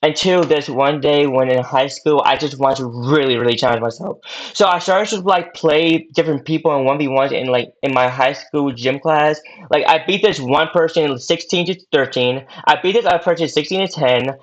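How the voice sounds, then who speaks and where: A man's voice: on the high side, normal speed. Young male podcast guest, casual rambling storyteller, repeats himself, lo-fi recording. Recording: dull lo-fi audio.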